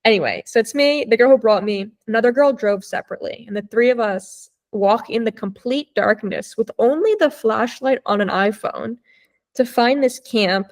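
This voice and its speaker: A woman's voice: fairly high pitch, moderate pace, darkish tone. A young woman telling a personal story as a podcast guest, chatty and full of "like", swearing freely. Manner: acts out quoted dialogue. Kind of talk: casual storytelling.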